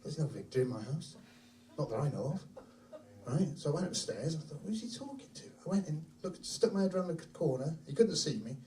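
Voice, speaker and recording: Brash stand-up man, animated. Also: on the high side, fairly quick, slight background noise. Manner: brash, profane, animated storytelling. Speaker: stand-up comedian. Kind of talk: stand-up comedy set. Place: comedy club stage. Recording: voice from a distance.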